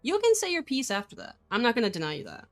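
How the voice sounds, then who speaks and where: A woman's voice: a little high, huge pitch swings, fast. A woman moderating a casual voice call, talking in a firm, clipped way to keep order.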